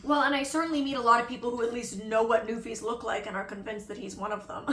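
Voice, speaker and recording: A woman's voice: a little high, steady tone, fast, fairly bright tone. A young woman chatting casually at home as a vlogger, laughing often and acting out quotes. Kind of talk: casual chat. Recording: echoey room, faint noise.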